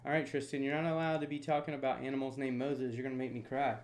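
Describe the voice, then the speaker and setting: A man in his thirties from North Florida chats on a storm-chasing livestream. His voice sits in an ordinary middle pitch, and he talks loosely, laughing and reading out viewer comments as he goes. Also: little pitch movement, quick pace, slight background noise. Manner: chatty, laughs easily, reads viewer comments aloud. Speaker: storm chaser livestream host. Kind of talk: casual livestream chat.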